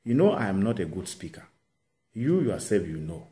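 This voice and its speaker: A man's voice: low voice, big pitch swings, moderate pace, mellow. A man preaching, voicing Moses as a self-doubting man who stammers and protests that he is not fit for the task. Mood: pleading. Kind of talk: sermon with acted quotes.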